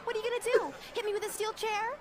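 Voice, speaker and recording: A woman's voice: very high voice, steady tone, fast. Woman playing a taunting wrestling team captain. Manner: taunting, mocking. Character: cocky female wrestling team captain, bully.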